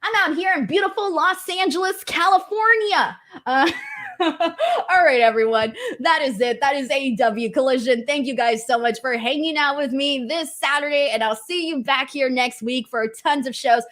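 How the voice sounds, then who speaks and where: On her casual wrestling livestream, a young woman works through viewer super chats and spins funny stories at her own expense. Her high, fairly bright voice stays animated at a moderate pace.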